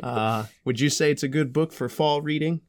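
A man co-hosting a casual podcast with his child, relaxed and joking, quick to laugh. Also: fairly high pitch, no echo, studio quality. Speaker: podcast co-host, father.

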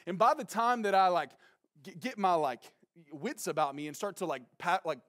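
A young man preaching a sermon, telling a story with lively slang, acting out quotes and shouting them out at times. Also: high voice, moderate pace. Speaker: pastor.

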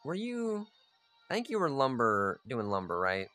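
A man thinks aloud while he plays a strategy game, in a mid-pitched voice that sits in the middle of the usual range. He chats casually, swears freely and talks straight to his units. Faint game music plays underneath. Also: wildly swooping pitch, normal speed, pushed and bright. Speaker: gamer playing a strategy game. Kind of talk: casual gameplay commentary.

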